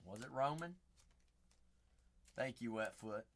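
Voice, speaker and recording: A man hosting a live card break, excitable and joking, breaking into sudden shouts, tired after a long stream. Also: mid-range voice, slow. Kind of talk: live-stream commentary while opening packs.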